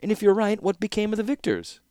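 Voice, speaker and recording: A man reading an audiobook voices a calm, clever young scholar who speaks in a cool, measured, faintly scornful way. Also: high voice, smooth, no room sound, studio quality, voice pushed up. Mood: wry.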